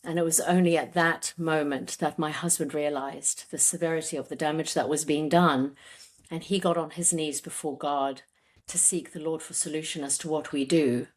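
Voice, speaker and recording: A woman with a mixed accent that carries a Zimbabwean twang, speaking as a podcast guest. Her voice sits fairly low as she tells her own story earnestly, with frequent ums. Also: fairly even intonation, moderate pace. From grew up in Zimbabwe. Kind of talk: personal story in an interview.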